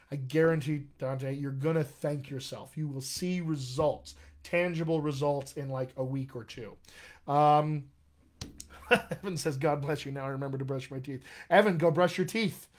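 A man's voice: a little high, normal speed. A man coaching actors on accents in a live online session, enthusiastic and encouraging, talking straight to his viewers. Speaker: dialect coach. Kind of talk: live-streamed coaching talk. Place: home room, live video stream.

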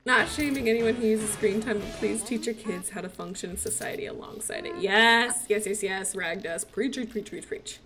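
A woman's voice: mid-range voice, moderate pace, few pauses, over music. A young woman in her twenties chatting casually while she plays, rambling about her son and laughing often. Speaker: gaming streamer and mother. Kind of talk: casual chat while playing.

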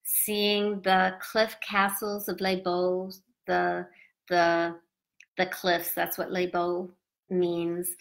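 A woman talking casually in a travel vlog, chatty and rambling with many fillers, tired and sleepy. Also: on the low side. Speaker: travel vlogger.

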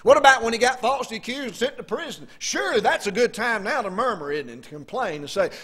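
Man preaching, folksy, bright edge to his voice, asks the crowd stuff. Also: extremely high pitch, expressive, breathy edge. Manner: folksy, questions the congregation, reads scripture slowly and loudly. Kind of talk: sermon.

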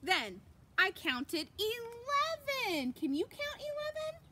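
A woman reading a picture book aloud to children, animated, gasping and exclaiming, and asking the young listeners questions. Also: very high voice, takes it slowly. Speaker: children's story reader.

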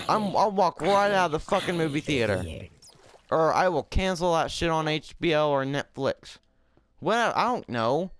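A man giving casual gameplay commentary, swearing and shouting in frustration, then talking softly to his in-game pet. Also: on the high side, slight background noise.

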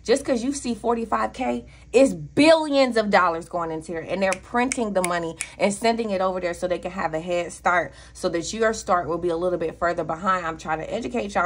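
A woman with a Southern US accent giving a casual tarot reading, blunt and profane, with preachy asides. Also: lowish voice. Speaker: tarot reader.

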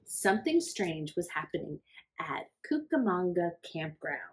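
Storytime reader, a woman with a lowish voice, slow and deliberate, who drops into hushed asides to the kids. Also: very animated, low-quality recording. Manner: slow, deliberate reading with hushed questions to young listeners. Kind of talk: reading a picture book aloud to children.

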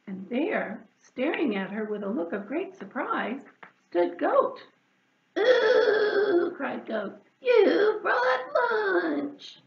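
A children's librarian reads a picture book aloud to preschoolers, slow and expressive. Her voice sits slightly high for a woman. It comes through dull and lo-fi, with an echo off the room. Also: vocal fry. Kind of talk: preschool storytime read-aloud. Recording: echoey room, dull lo-fi sound.

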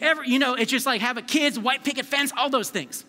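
A man preaching a live sermon as a youth pastor, energetic and conversational, calling on the crowd to answer back. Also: extremely high pitch, fast talker, few pauses. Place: church service hall. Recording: long reverb of a large hall.

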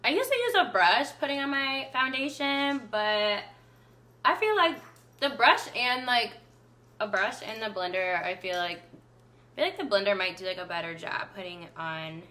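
A woman's voice: medium pitch, bright, forceful tone. A young woman chatting casually through a makeup routine as a beauty vlogger, full of filler likes. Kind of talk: casual makeup tutorial chat.

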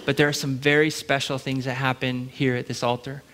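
Bright-voiced pastor in a reverberant church. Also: male voice, medium pitch, level tone, fairly quick. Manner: chatty and playful, with short laughs. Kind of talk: sermon. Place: large church sanctuary. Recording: long church hall reverb.

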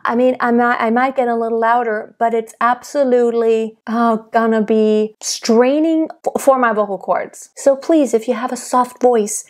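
A young adult woman giving a singing lesson, explaining technique calmly and demonstrating by singing. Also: a little high, normal speed, few pauses, faint music behind. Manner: calm, explanatory teacher who demonstrates by singing. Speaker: vocal coach.

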